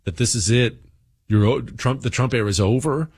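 A man's voice: mid-range voice, normal speed, a little mellow, breathy edge. A man hosting a political talk radio show, delivering a heated, indignant monologue.

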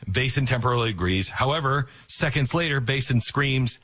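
A man's voice: medium pitch, animated, moderate pace, few pauses, a bit bright, slightly rough. A man giving opinionated political news commentary, retelling stories sarcastically and acting out the quotes.

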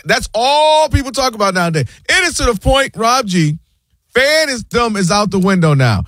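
A man with a high, very lively voice co-hosts sports talk radio, dry and close to the mic. He tells stories animatedly, quoting his friends' complaints. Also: moderate pace, dry recording.

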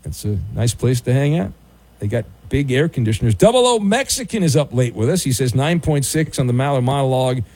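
Hosting a late-night sports radio show on a studio microphone, a man with a mellow, mid-range voice talks a little fast and with animation. In casual talk-radio style, he teases his co-host with dry mock sympathy and reads listener messages.

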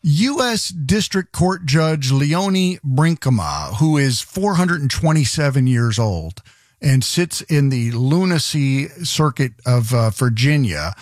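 Male talk host, sardonic and rambling, dry close mic, mid-pitched. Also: no echo. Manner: rambling, sarcastic, exasperated asides. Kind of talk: news commentary monologue.

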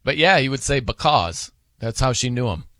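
A man's voice: mid-range voice, fast talker, no room sound. A man hosting a sports radio show in a studio, chatting casually, laughing and telling anecdotes. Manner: lively, laughing, tells anecdotes. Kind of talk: casual on-air banter.

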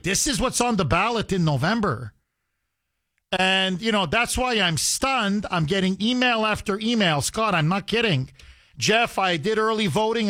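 A man's voice: high voice, bright, forceful tone, no echo, clean studio sound. A man hosting a call-in radio talk show, speaking in an emphatic, heated way and repeating himself as he pushes his points.

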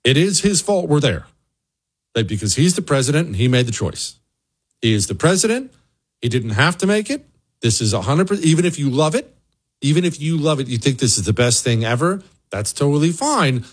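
A man's voice: normal speed, husky. Emphatic man hosting a talk show. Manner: emphatic, rising to high excited pitch on rhetorical questions. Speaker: political talk show host. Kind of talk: opinionated monologue.

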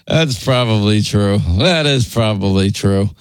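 A man's voice: lowish voice, animated, measured pace, clean tone, no room sound. A man with a New York accent hosting a talk radio show, bantering and teasing his co-host in the studio. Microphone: studio microphone.

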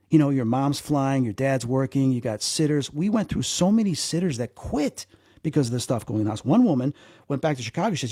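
A man tells his story in a relaxed conversation, his voice mellow and a little husky. He talks with animated energy, repeats words as he goes and acts out the people he quotes. The sound is dry and close. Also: medium pitch, fairly quick, no echo. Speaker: guest.

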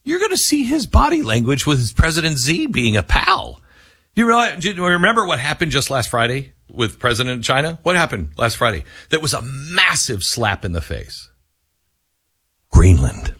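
A man's voice: mid-range voice, wildly swooping pitch, normal speed, a bit bright, husky, no room sound, studio quality. A male talk radio host giving emphatic, combative political commentary.

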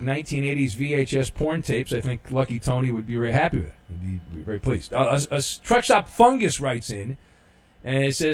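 Male sports talk show host, casual and rambling, with dry sarcasm and frequent fillers. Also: medium pitch. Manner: rambling, many fillers and restarts; sarcastic, deadpan humor.

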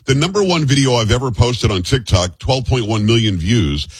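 A man hosting a radio talk show, interviewing a guest in a brisk, emphatic, jokey way. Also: mid-range voice, expressive, husky, no room sound.

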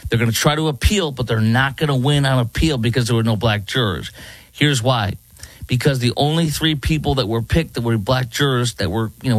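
A man's voice: medium pitch, dry recording, poor audio. A man hosting a morning talk radio show, giving emphatic, indignant commentary. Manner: emphatic, indignant, repeats for effect.

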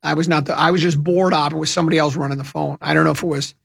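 A man's voice: a little high, fairly even intonation, racing, vocal fry, slightly rough. A man hosting a radio talk show, telling rambling, chatty anecdotes into a studio microphone. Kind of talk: casual radio storytelling.

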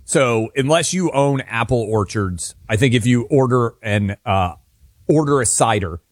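A man from Tennessee co-hosts a talk radio show with wry, opinionated banter. His voice is mid-pitched and sounds dry and close on a studio mic. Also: expressive, a little slow, dry recording. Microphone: studio microphone.

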